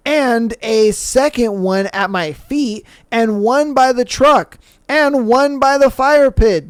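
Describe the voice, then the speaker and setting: A man's voice: very high-pitched, smooth, dry recording, clean studio sound. A man hosting a podcast in a casual, laid-back manner with lots of slang. He reads listener stories aloud and reacts to them. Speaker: podcast host.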